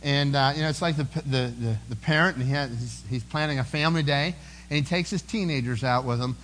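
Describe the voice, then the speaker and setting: A man's voice: mid-range voice, a little fast, a bit bright, slight background noise, poor audio. A man preaching a sermon in an earnest, conversational way, often repeating words as he goes. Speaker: pastor.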